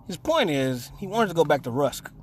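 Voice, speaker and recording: A man's voice: fairly high pitch, big pitch swings, normal speed, slight background noise. A man on a radio talk show telling a rambling, profane story and acting out the quotes. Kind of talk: casual storytelling chat.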